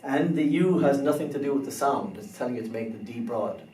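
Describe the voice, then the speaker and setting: A man teaching a beginner language lesson, slow and careful, spelling out words letter by letter. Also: mid-range voice, animated, warm tone. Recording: roomy echo, somewhat far from the mic.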